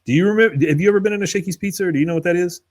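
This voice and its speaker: A man's voice: high voice, rapid-fire. Laid-back man recapping a cartoon. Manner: laid-back storyteller, acts out quoted lines. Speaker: podcast co-host. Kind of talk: casual chat recapping an episode.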